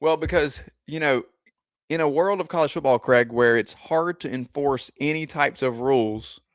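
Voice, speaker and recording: Measured man hosting a sports podcast. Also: fairly high pitch, no echo. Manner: measured, steering the discussion. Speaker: podcast host. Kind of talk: casual sports talk.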